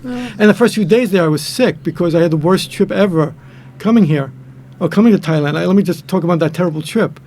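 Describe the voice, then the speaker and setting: Fast-talking high-voiced older man. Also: a little mellow, slight background noise. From New York/New Jersey area. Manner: rambling, repeats and restarts words, acts out quotes. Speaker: guest. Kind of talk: casual chat, telling jokes.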